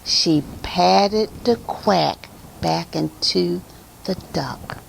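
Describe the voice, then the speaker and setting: A woman's voice: lowish voice, extremely slow, vocal fry, a little hiss or hum. A woman librarian reading picture books aloud at a children's storytime, with gasps, laughs and animal sounds.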